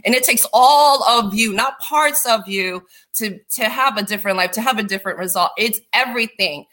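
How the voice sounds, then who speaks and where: Woman with a bright higher voice, earnest and preachy, lots of restarts, chatty pep talk. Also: moderate pace. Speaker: guest. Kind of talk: motivational casual chat.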